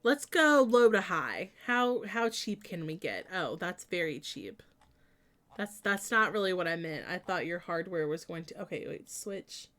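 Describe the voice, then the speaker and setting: A young woman streaming casually as she builds in a game, chatty and giggly with sudden bursts of excitement. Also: fairly low pitch, unhurried.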